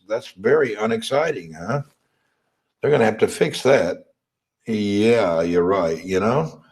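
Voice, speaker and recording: Southern American man host, slightly hoarse, easygoing livestream chat, mid-range voice. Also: mid-range voice, darkish tone. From Tennessee, USA. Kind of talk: casual live chat reading comments.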